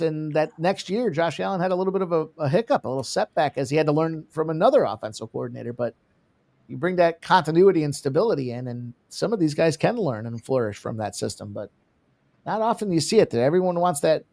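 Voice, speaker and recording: A man hosting a live sports betting show, talking fast and animated about football, soccer and fights. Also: fairly high pitch. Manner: animated, quick sports talk. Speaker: host. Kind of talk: casual sports betting chat.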